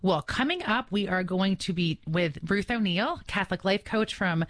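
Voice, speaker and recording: Lively enthusiastic radio hostess. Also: female voice, mid-range voice, moderate pace, dry recording, studio quality. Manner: enthusiastic, affirming. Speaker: radio show host. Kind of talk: hosting a talk radio show.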